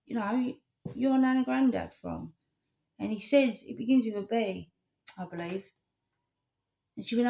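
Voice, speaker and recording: A vlogger with a high-pitched, creaky, darkish voice rambles earnestly at a moderate pace in a casual vlog. She tells her stories with animation, and the lo-fi recording sounds slightly dull.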